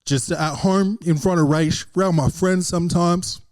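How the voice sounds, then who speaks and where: Slangy, profane Australian man, higher voice. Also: moderate pace, darkish tone, no echo, studio quality. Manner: profane, rambling storyteller, slangy with repeated "bro". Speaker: podcast host and stand-up comedian. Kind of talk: casual rambling monologue.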